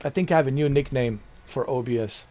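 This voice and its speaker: A man's voice: medium pitch, a little fast, darkish tone, faint music behind. A man chatting casually on a live game stream, rambling and repeating himself, with casual swearing.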